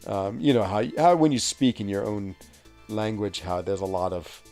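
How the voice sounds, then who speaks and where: With soft background music playing, a game streamer from West Virginia in the United States speaks in a slightly mellow voice on the low side at a moderate pace. He rambles through stories in a chatty way, using many fillers, laughing and reading the chat aloud.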